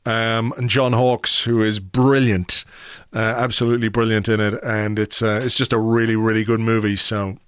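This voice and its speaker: A man's voice: fairly low pitch, level tone, moderate pace, fairly bright tone, clean tone, dry recording, clean studio sound. A man hosting a podcast, chatting casually about films with lots of ums and uhs. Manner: chatty, many fillers. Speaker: podcast host. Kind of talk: casual chat.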